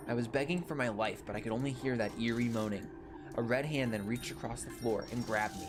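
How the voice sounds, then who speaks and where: A man's voice: mid-range voice, quick pace. A man with a mid-range voice reads a horror game's story aloud, evenly and plainly. Game music plays behind him throughout. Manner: steady storytelling read-aloud. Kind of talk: game dialogue read-aloud.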